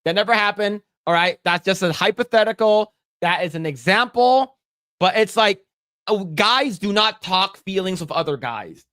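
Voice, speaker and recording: A man co-hosting a casual podcast, talking bluntly and profanely with lively storytelling. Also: high voice, normal speed, no echo, studio quality. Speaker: podcast co-host.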